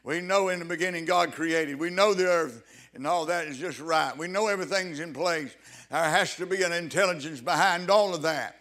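A man preaching a sermon, fervent and halting, with frequent restarts that build to loud emphatic exclamations. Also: fairly high pitch.

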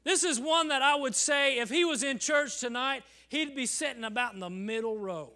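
A man preaching a sermon in a church service, swinging from loud calls to hushed near-whispers and calling "Amen?" to the congregation. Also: extremely high pitch, normal speed. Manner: acts out congregants in quoted voices, asks the crowd "Amen?".

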